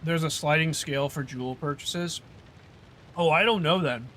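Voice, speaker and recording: Male streamer, casual rambling chat, bright and slightly high voice. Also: normal speed, slight background noise. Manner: rambling, chatty, trails off and restarts. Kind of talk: casual livestream chat while gaming.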